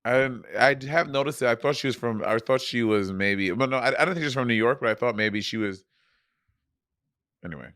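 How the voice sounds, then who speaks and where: A man co-hosting a casual chat, playful and teasing, quick to laugh. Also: medium pitch, fairly bright tone, no room sound, clean studio sound. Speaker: podcast co-host.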